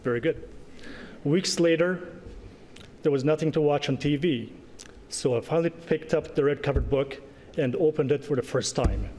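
A man presenting an award at a gala, speaking earnestly with pauses and small asides. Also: on the high side, darkish tone. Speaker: award presenter, organization president. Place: large banquet hall. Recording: echoey banquet hall with faint noise.

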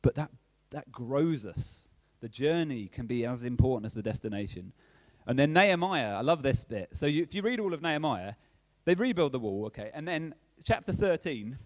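A man's voice: medium pitch, expressive, normal speed, few pauses, dry recording. A man giving a casual, conversational sermon as a preacher, often checking in with his listeners. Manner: chatty, checks in with "okay?" often.

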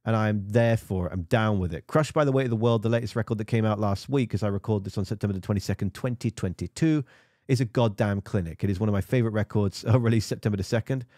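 Guy chatting loosely over band videos, jokes at himself, kinda low voice, very dry close mic. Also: fast, darkish tone, no echo. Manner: rambling and self-mocking. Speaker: music video reviewer. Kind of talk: casual screen-share commentary.

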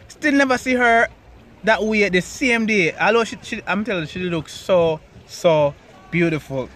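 A young Jamaican man casually telling the story of how he met his partner, animated and jumping high when he quotes himself. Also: moderate pace. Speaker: vlog co-host telling a couple's story.

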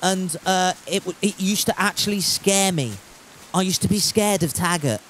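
A man's voice: high-pitched, moderate pace, fairly bright tone, a little hiss or hum. A man chatting casually while streaming a game from home, reading chat aloud and swearing freely.

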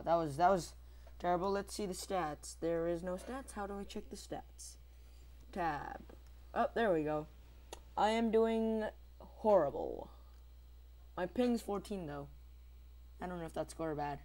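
Goofy slow-talking young gamer guy. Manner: goofy, mouths shooting sound effects in squeaky bursts; rambling, self-mocking asides to viewers. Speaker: gamer recording his own match. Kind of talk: casual gameplay commentary.

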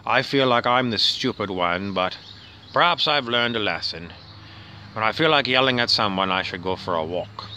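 Here a comedian's fairly low, animated voice has a sharp tone, normal speed, and a bit of hiss or hum. He's acting out a grumbling middle-aged outback husband who muses aloud, rambles, questions himself, and now and then mutters under his breath.

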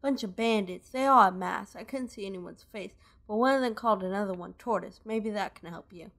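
A woman's voice: mid-range voice, a little fast, a bit bright. A woman voicing a tearful, robbed female shopkeeper in a game, with a put-on Southern accent and a plaintive, dramatic manner. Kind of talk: live dub of game dialogue.

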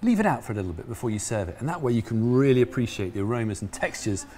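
A man's voice: mid-range voice, expressive, very fast, dark tone, a little hiss or hum. A man co-hosting a wine tasting in a shop, joking and teasing his co-host. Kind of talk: casual demo chat.

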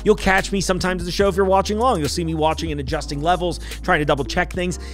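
A man's voice: high voice, steady tone, very fast, fairly bright tone, faint music behind. A male podcast host giving a chatty, apologetic solo intro full of rambling asides.

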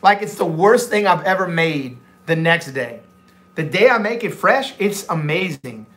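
A cooking livestream host from Louisiana chats casually with his viewers in a Cajun accent mixed with a New Orleans twang. His voice is a bit high for a man and a little bright, expressive, and moderately paced. He rambles and restarts sentences, filling gaps with fillers and easy asides.

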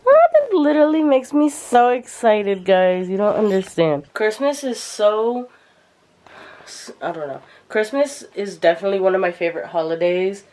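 A young woman chats casually to a handheld camera held at arm's length while vlogging at home indoors, confiding and full of fillers. Her voice sits at medium pitch with big swings, a moderate pace and a warm tone.

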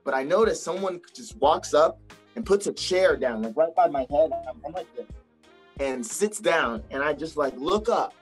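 A man, a wrestler, telling stories in a casual interview over a video call, acting out quotes with big jumps in pitch. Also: expressive, moderate pace, faint music behind. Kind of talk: casual storytelling.

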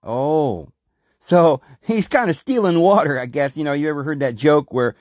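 A man hosting a podcast, reading scripture aloud and commenting on it with animated rhetorical questions. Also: on the high side, normal speed, no room sound, clean studio sound. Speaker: podcast host.

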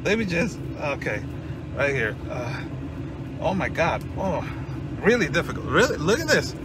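A man in a sarcastic vlog monologue, mocking and loudly mock-excited. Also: fairly high pitch, normal speed, noisy background. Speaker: vlogger.

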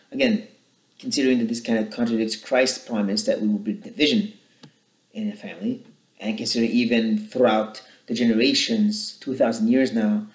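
A man's voice: a little mellow, reverberant, low-quality recording. A man giving a short Bible teaching, earnest and explanatory, reading scripture aloud and then questioning how it is used. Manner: earnest, rises in pitch and volume when reading scripture aloud.

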